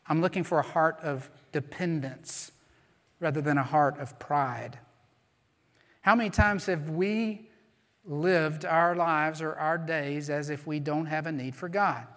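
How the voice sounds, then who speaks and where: A man's voice: on the high side, unhurried, fairly bright tone. A man preaching a sermon in a church, speaking earnestly and repeating phrases for emphasis. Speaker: pastor. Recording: long hall reverb.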